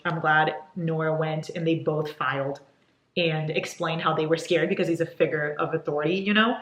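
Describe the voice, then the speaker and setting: A woman's voice: deep voice, a bit bright. Gushing woman book vlogger, echoey room. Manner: gushing and profane. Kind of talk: casual book review chat. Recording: roomy echo.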